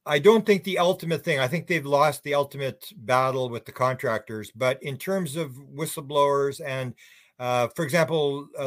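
An older man with a mid-range voice, recorded dry, appears as an author guest on a radio show. His answers ramble, start over again and again, and come out bluntly opinionated.

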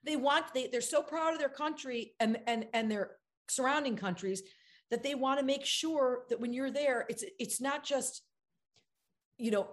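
An actress in an interview, telling lively anecdotes and acting out the lines of the people in them. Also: female voice, sits high, normal speed. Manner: animated storyteller, acts out other people's lines. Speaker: actress guest.

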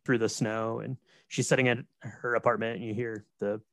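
A man chatting casually, relaxed and quiet, taking his turn to recap a film. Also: lowish voice, moderate pace, dry recording. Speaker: podcast co-host. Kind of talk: casual chat.

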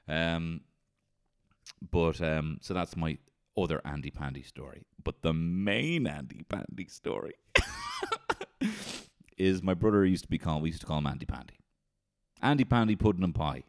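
A man telling an animated, sweary comedy story and breaking into shouted impressions. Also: low voice, measured pace, long pauses.

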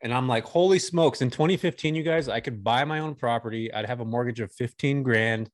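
A man's voice: medium pitch, fairly even intonation, brisk. A man in his forties from Northern California, a guest on a casual podcast, telling long stories with easy laughs. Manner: chatty storyteller, laughs easily.

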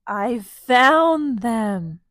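A woman's voice: on the high side, lively intonation, drawn-out words, a bit bright, dry recording, pitched above the performer's own voice, heavily acted. A woman doing a brave loyal dog. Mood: earnest.

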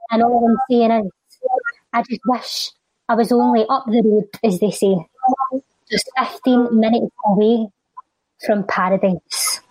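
A woman's voice: fairly high pitch, darkish tone, no room sound, rough recording. Scottish woman, rhythmic spoken word delivery. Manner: rhythmic recital, then quick chatty talk. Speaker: charity guest and spoken word poet. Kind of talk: spoken word poem and casual chat.

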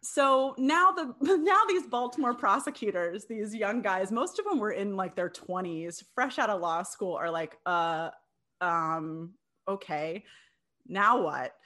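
A woman's voice: medium pitch, expressive, normal speed, hardly any pauses, pushed and bright. A young adult woman casually telling a history story to a co-host, chatty, often laughing, with many fillers and restarts.

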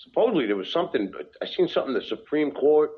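A man's voice: fairly high pitch, sing-song, fast talker, lo-fi sound. A man from New Jersey chatting as a podcast guest, conversational and asking questions. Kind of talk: casual political chat.

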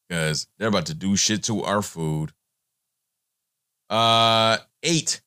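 A man's voice: lowish voice, slow, long pauses, bright, forceful tone, clear, resonant tone, no echo, clean studio sound. A man hosting a podcast, giving a blunt, profane, rambling monologue with many fillers. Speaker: podcast host.

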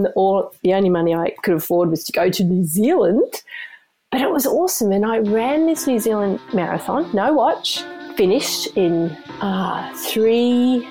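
A woman in her fifties, a former elite runner, telling her story in a casual, animated way and laughing often. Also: medium pitch. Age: 50s.

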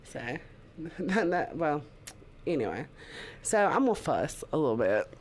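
A woman's voice: sits low, very animated, a little slow, darkish tone. A woman, co-hosting a casual podcast chat and laughing often. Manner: laughs often, drawls "y'all". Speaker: podcast co-host.

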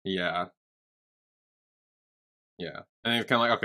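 Bright-voiced young man recapping a show. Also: sits low, slow, long pauses. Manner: rambling, swears freely, acts out characters' lines. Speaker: podcast co-host. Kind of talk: casual recap chat.

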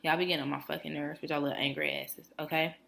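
Her voice is low and creaky, and she talks at a quick clip. On a casual chat show, the podcast co-host tells a wandering, profane anecdote, animatedly impersonating everyone involved.

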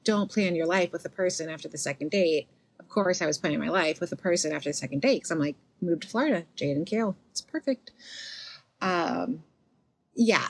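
Woman, young adult, lively storyteller, sarcastic asides, slightly low voice. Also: creaky. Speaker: podcast co-host. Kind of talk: casual chat.

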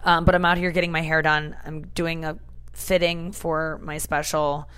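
Recorded on the go with a portable setup in the back room of a hair salon, not a studio, a woman comedian and radio host hosts a casual, rambling podcast packed with fillers. Her low voice is clear and resonant, a bit bright, with a level tone and moderate pace.

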